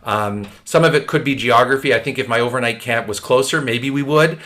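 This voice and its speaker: A man with a middle-pitched voice speaking as a podcast guest. He talks reflectively in a casual tone, stopping now and then to search for his words. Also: a little fast, fairly bright tone.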